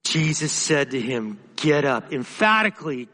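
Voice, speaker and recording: High-voiced preacher in an echoing hall. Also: male voice, lively intonation, a bit bright. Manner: passionate, halting with frequent restarts. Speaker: pastor. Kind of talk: sermon.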